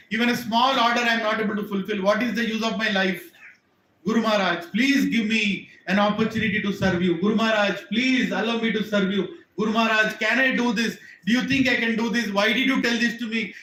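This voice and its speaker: A man's voice: high voice, steady tone, brisk, pushed and bright, slight background noise. A man voicing an old holy man who pleads with his teacher again and again. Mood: pleading. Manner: pleading, repetitive. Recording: echoey hall, distant mic.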